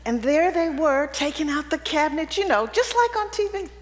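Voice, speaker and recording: An expressive woman with a high-pitched voice delivers a keynote at a moderate pace to an audience in an event hall. Her personal stories are humorous and conversational, and she often checks in with "right?". Long hall reverb is present.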